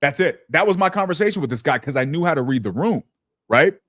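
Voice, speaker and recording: A man hosting a casual business podcast who tells stories bluntly and profanely and slips into lively impressions of people. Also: on the high side, fast talker, no room sound, clean studio sound. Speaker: podcast host.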